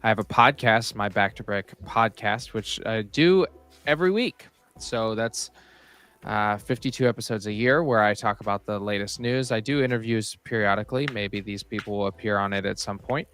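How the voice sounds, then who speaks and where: A man with a fairly low voice chatting as a podcast guest. He jokes around and keeps things loose. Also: moderate pace, fairly bright tone, clean tone. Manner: joking, loose. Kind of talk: casual chat.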